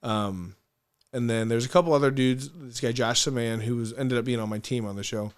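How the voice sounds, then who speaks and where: An animated man, a guest on a podcast, tells stories casually at a middle pitch. He swears freely, laughs often and keeps restarting sentences mid-thought. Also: fairly quick, clean tone. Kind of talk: casual storytelling.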